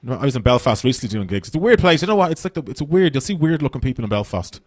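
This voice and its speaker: A man's voice: mid-range voice, sing-song, racing, a little mellow, dry recording, studio quality. An Irish man doing live stand-up comedy, swearing freely and rambling into banter with the crowd. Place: comedy venue stage.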